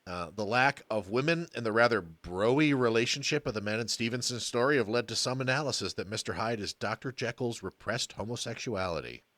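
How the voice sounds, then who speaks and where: A man's voice: mid-range voice, fairly quick, hardly any pauses, a bit bright, no room sound. A man co-hosting a podcast, talking casually and bluntly about an old film and swearing freely. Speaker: podcast co-host.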